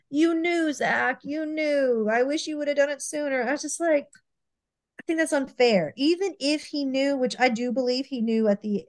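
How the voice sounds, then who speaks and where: Animated woman podcast co-host. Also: on the high side. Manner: animated, emphatic, repeats herself. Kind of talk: casual chat.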